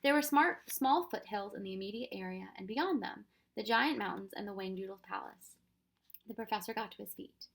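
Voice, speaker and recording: A woman reading a children's storybook aloud with expressive narration. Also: medium pitch, normal speed, gravelly. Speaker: reader.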